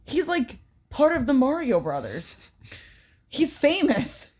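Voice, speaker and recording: Young woman co-host, blunt and swearing, lively pitch, casual podcast banter. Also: slow. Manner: blunt, swears often, animated. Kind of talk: casual chat.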